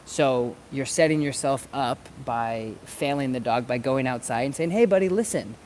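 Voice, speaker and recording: In an unhurried, somewhat mellow mid-range voice with fairly even intonation, a man who trains dogs chats to camera outdoors beside planters. The casual instructional talk is conversational, with words repeated while he thinks, and slight background noise is present.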